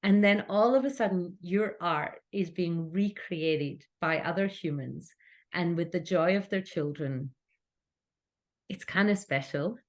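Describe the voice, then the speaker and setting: A woman's voice: lowish voice, unhurried. A Scottish woman talking earnestly as a podcast guest about running her business, with frequent restarts. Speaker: cake kit business owner, podcast guest. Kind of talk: casual interview chat.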